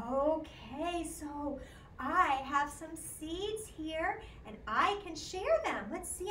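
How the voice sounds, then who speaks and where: In a very high, slightly bright voice, a woman with a Midwestern American accent teaches a children's music class, encouraging the kids in a sing-song tone and leading animal songs. The echoey room carries faint ambience and slight background noise.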